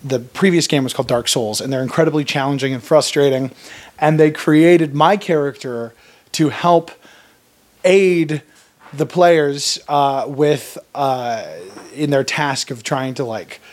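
A man with a voice on the high side talks easily as a voice-actor guest in a relaxed interview. He rambles in a friendly way, often pausing with fillers as he searches for words. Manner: friendly, chatty, many fillers. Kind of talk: casual interview chat.

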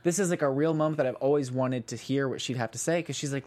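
A man's voice: medium pitch, fast, hardly any pauses, a little mellow. A man in a casual chat about a sitcom episode, talking eagerly and quoting the characters with feeling. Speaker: podcast co-host.

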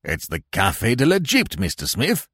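A man's voice: mid-range voice, huge pitch swings, normal speed, fairly bright tone, breathy edge, no echo, clean studio sound, exaggerated voice. A man doing a bulky police inspector. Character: bulky male police inspector, steady and plain.

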